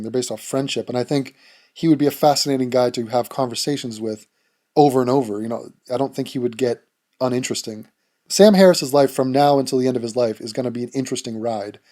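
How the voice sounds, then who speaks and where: A man's voice: mid-range voice, dark tone. A man hosting a casual vlog, answering viewer questions bluntly, with plenty of swearing and jokes. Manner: blunt, profane and joking. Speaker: YouTube channel host answering viewer questions.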